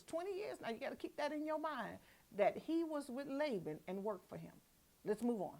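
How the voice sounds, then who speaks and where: A woman evangelist giving devotional Bible teaching. She reads scripture slowly and emphatically, then explains it in casual, chatty asides. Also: fairly high pitch, lively intonation. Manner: laughs at herself, repeats words.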